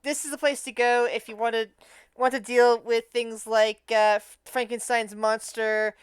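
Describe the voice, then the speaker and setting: A woman's voice: fairly high pitch, level tone, moderate pace, smooth, dry recording. A woman running a tabletop game as game master, thinking aloud as she narrates and often restarting her sentences.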